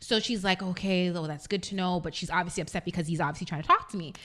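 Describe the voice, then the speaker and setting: A young woman co-hosting a casual internet radio talk show. She talks at a rapid clip with a bright, forward tone. She tells her story with animation and acts out the voices of the people in it. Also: on the low side. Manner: fast-talking, animated, acts out quoted voices.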